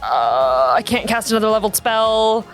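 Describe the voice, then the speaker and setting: A woman's voice: fairly high pitch, big pitch swings, normal speed, soft background music. Chatty woman player in a tabletop game. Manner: chatty, a bit scattered, playful.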